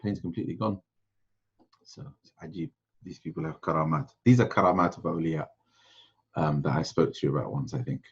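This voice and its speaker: A man from Sylhet, Bangladesh, teaching a religious class in a relaxed storytelling manner. His voice is very low and husky, and the recording sounds dull and lo-fi. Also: a little fast. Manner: conversational, storytelling, frequent restarts. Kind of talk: informal lecture with anecdotes.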